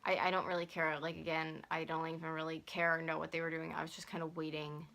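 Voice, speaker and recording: A young woman in her twenties vlogging at home, telling a story in a fast, heated way full of "like," into a camera on a stand. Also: low-pitched, flat delivery, gravelly, a bit bright. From North America. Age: 20s. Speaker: YouTuber. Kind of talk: storytime vlog.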